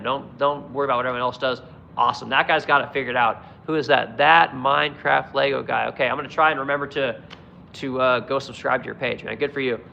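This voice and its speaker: Gravelly, profane man ranting on a phone stream. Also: medium pitch, sharp tone, highs cut off, a little hiss or hum. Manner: swears constantly, blunt and heated. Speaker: live streamer answering chat. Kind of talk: angry profane political rant.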